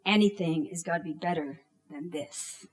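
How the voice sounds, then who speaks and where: A Canadian woman in her thirties, her voice on the low side, tells a personal story on stage. Her pace is slow and deliberate, with dramatic pauses and shouts she performs.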